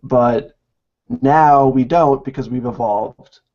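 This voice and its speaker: A man with a mid-pitched voice makes dry, joking remarks in a relaxed chat. His sound is dull and lo-fi, like call audio. He chimes in now and then. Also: slow. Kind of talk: casual chat on a group call.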